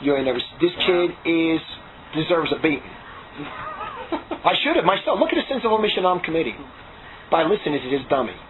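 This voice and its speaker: A man giving a rambling spoken testimony, repeating himself and restarting his sentences in excited bursts. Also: fairly high pitch, fairly quick, long pauses. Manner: repetitive, restarts often, excitable. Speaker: former monastery resident giving testimony. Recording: tinny phone-like audio with faint hiss.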